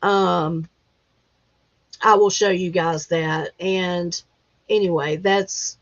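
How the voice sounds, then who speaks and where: A woman hosting a casual livestream chat, talking in an emotional, halting way as she fights back tears. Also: lowish voice, fairly even intonation. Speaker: livestream host. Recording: dull lo-fi livestream audio.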